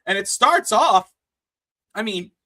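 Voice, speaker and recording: A man co-hosting a wrestling podcast, chatting casually in an excitable, animated way. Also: high-pitched, slow pace, no echo. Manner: excitable, animated, with playful bursts. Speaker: podcast co-host.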